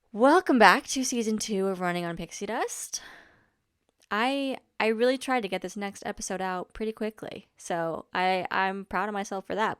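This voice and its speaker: A woman's voice: mid-range voice, a bit bright, clear, resonant tone, no room sound, studio quality. A young woman hosting her own podcast, chatting in a bubbly, rambling way with restarts and small laughs. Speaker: podcast host. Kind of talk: casual solo podcast chat. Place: Orlando, Florida home.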